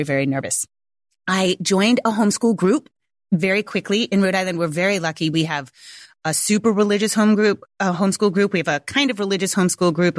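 A woman in her forties with a lowish voice, recorded with no room sound, tells viewers a personal story. A homeschooling mother, she speaks candidly and casually, close to tears, laughing and swearing often.

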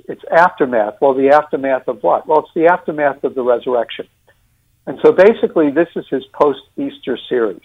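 A man with a New York accent, discussing and critiquing a sermon series in a deliberate way with many fillers and restarts. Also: on the high side, slightly rough, highs cut off.

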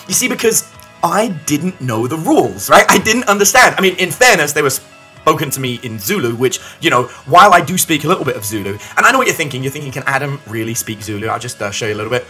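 A man's voice: mid-range voice, lively intonation, fast talker, pushed and bright, soft background music, low-quality recording. A man telling a story to camera as a business coach, acting out the dialogue as he goes.

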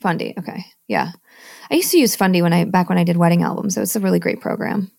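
A woman's voice: fairly low pitch, big pitch swings, fast talker, vocal fry, darkish tone, no room sound, clean studio sound. A woman hosting a podcast, asking questions and cheering her guest on in an upbeat, affirming way. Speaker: podcast host. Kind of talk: conversational interview.

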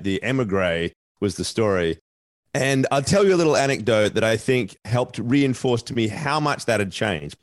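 A man's voice: lowish voice, no echo, studio quality. A man with an Australian accent, hosting a panel discussion and telling stories in a thoughtful, discursive way.

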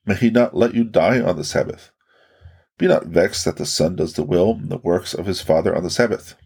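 A man reading as a solemn, gravelly teacher. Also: deep voice, brisk, darkish tone, heavily acted. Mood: rebuking. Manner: solemn, questioning rebukes. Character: earnest adult male teacher rebuking critics. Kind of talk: read-aloud religious narration.

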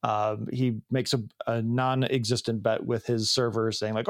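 A man's voice: mid-range voice, little pitch movement, measured pace, dry recording, studio quality. A man in his thirties from the Chicago area, co-hosting a podcast and recapping a TV episode in casual, rambling chat with many ums and restarts. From Chicago area, USA. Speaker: podcast co-host.

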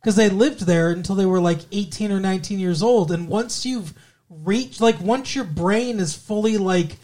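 A middle-aged podcast co-host in casual chat, rambling with lots of fillers and dropping into quick jokey impressions. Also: mid-range voice, a little mellow.

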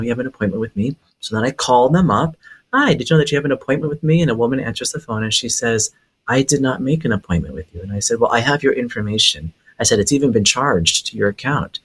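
Husky-voiced man telling a story. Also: mid-range voice. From Hawaii. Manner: lively storyteller who laughs as he tells it. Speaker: psychic medium guest. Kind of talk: casual storytelling.

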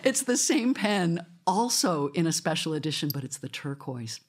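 Lady radio host chatting in a studio, tells stories, laughs a lot, lowish voice. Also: very animated, normal speed. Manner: laughs often, chatty storytelling. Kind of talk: live studio conversation. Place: radio studio with live audience.

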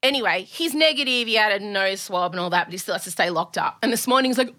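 Animated Australian woman telling a story. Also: mid-range voice, quick pace, few pauses. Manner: animated storyteller acting out both sides of a conversation. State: sick with a cold. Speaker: podcast co-host. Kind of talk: casual chat.

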